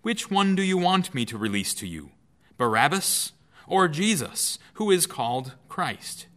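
A man's voice: a little high, sing-song, unhurried, a bit bright, voice pushed up. A man reading the lines of an anxious, insistent Roman governor, pressing his questions with a raised voice. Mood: pleading.

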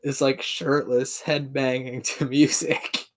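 A man's voice: mid-range voice, little pitch movement, takes it slowly. A man hosting a podcast, recapping a film in casual chat, laughing often and rambling with restarts. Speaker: podcast host.

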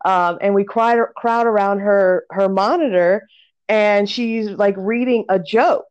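A woman's voice: medium pitch, fairly even intonation, unhurried, a little mellow. A woman co-hosting a podcast, telling a story in casual chat, laughing hard and swearing freely. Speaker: podcast co-host. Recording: dull lo-fi sound.

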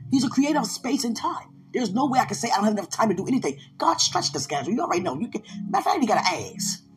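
Woman host, casual faith talk, very expressive pitch, quiet music underneath. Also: racing. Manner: animated, laughs often, talks to listeners directly. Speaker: podcast host, preacher and gospel rapper.

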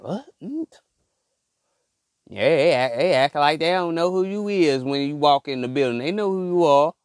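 A man's voice: a little high, no room sound, clean studio sound. A man and father hosting a motivational monologue, emphatic and repetitive, in casual slang. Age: adult father. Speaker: podcast host.

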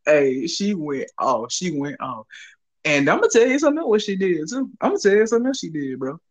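Speaking a little fast in a high-pitched voice, a young Southern American man co-hosts a laid-back barbershop conversation. He animatedly tells a profane, slangy story, acting out what people said and laughing a lot.

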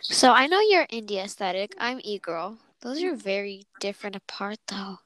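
Giggly and rambling, this young podcast co-host keeps interrupting herself mid-sentence in a casual chat. Her mid-range voice is sing-song and a bit bright at a moderate pace, on a rough recording with no echo.

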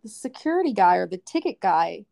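This podcast co-host has a mid-range, sing-song voice that's gravelly and mellow, moving at a fairly quick clip with no room sound. Chatting casually, she rants through her stories, repeats what people said, and laughs frequently.

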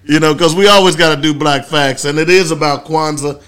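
A man's voice: a little high, steady tone, a little fast, a bit bright. A middle-aged man hosting a casual solo talk show, speaking in an emphatic, preachy way, often checking in with "okay?". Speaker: host.

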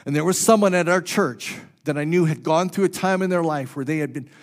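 Delivering a sermon built on a personal story, this pastor speaks a little fast with a higher-pitched voice. His volume rises and drops between loud and quiet, and he repeats phrases to stress them.

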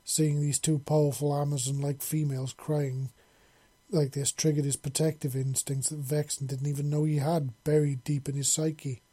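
Male audiobook narrator, slightly high, dark and husky, steady earnest delivery. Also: normal speed. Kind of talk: story narration.

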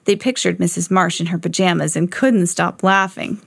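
A woman hosting a children's read-along, narrating a picture book aloud in an expressive way. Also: fairly low pitch, normal speed, vocal fry, no room sound, studio quality. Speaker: host reading to children.

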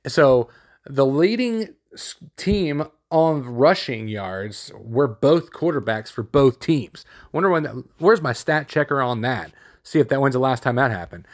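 Male sports podcast host: casual, blunt, rambly delivery, full of ums and restarts, mid-pitch voice. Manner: rambling, with many fillers and restarts; blunt and opinionated, with casual slang. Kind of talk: casual solo sports commentary.

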